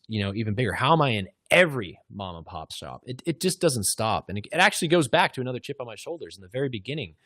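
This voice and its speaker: A man's voice: on the low side, dry recording, studio quality. A man speaking as a podcast guest in casual conversation, blunt and driven, with frequent restarts. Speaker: podcast guest, media business owner.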